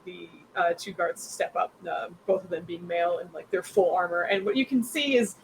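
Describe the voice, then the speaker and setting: A woman's voice: on the low side, moderate pace, vocal fry, a little hiss or hum, poor audio. A young woman narrating as game master in a rambling, filler-heavy, giggly way.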